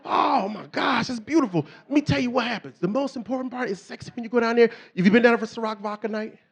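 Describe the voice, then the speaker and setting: High-voiced man doing stand-up. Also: fast talker, breathy edge. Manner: animated storytelling, acts out quotes with shifting voice. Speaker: stand-up comedian. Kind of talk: stand-up comedy routine. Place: comedy club stage.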